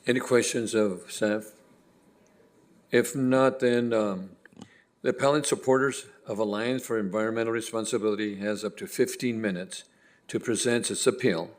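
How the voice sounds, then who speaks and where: Low-voiced man chairing a council meeting. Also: fairly even intonation, normal speed. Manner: procedural, slightly stumbling. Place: council chamber.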